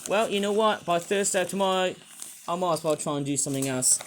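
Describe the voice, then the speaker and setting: A man's voice: high voice, a little fast, a little hiss or hum. A man reviewing toys in a casual, rambling vlog, circling back on filler words and drifting into a grumbling rant. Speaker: toy reviewer.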